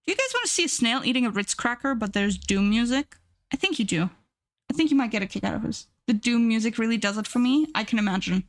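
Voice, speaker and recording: A woman streaming live and chatting casually with her viewers, repeating herself and gushing in high squeals. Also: animated, quick pace.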